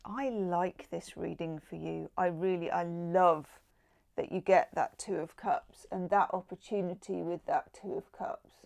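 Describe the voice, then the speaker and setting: A woman's voice: fairly low pitch, fairly even intonation, measured pace, creaky, darkish tone. A middle-aged woman chatting casually through a tarot card reading, with exclaimed asides. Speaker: tarot reader.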